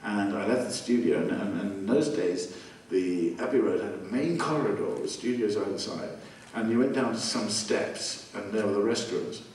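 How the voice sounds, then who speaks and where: An older man with an English accent, a guest musician telling animated stories and acting out the voices of people in them. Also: lowish voice, moderate pace, hardly any pauses. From England. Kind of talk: anecdotal storytelling. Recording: distant mic with noisy ambience.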